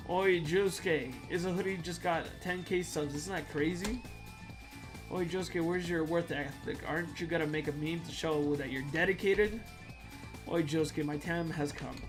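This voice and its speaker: A man with a somewhat high voice reads viewer jokes on a livestream. His delivery is loud, goofy and joking. Music plays clearly in the background. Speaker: streamer reading viewer jokes. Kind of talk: comedic reading on a livestream. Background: music playing.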